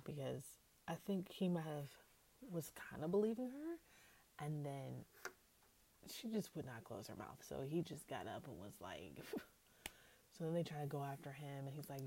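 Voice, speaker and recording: A woman's voice: low-pitched, animated, unhurried, pauses often, warm tone, a little hiss or hum. A woman hosting a solo TV recap podcast, chatty and slangy, laughing often and sometimes dropping to a whisper. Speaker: podcast host.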